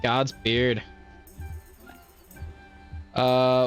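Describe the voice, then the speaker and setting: Bright-voiced swearing gaming streamer man. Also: medium pitch, a little slow. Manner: profane, trash-talking, mocking enemies. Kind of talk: casual gameplay commentary. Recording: faint background game music.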